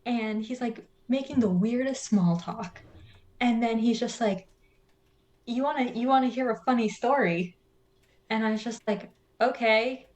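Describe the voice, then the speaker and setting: A woman's voice: on the high side, a little slow, darkish tone. A young woman co-hosting a podcast in casual chat, dry and teasing, chiming in to finish the stories and then telling one of her own. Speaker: podcast co-host.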